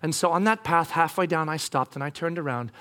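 A middle-aged man, a pastor, telling a story in a sermon, acting out scenes and at times breaking into shouts. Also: fairly high pitch, fairly quick. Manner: animated, acts out scenes, bursts into shouting.

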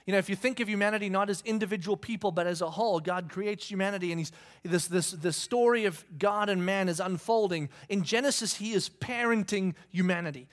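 Guy pastor, high voice, lively storytelling sermon, cracks jokes about his kids. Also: fairly quick. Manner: animated storyteller acting out his kids' shouting. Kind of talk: sermon with humorous family story.

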